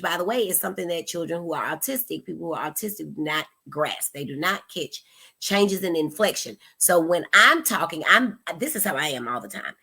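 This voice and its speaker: Bright, animated woman giving parenting advice. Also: mid-range voice. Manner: animated, expressive, acts out quotes. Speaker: parenting talk host, mother. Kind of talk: casual advice talk to camera.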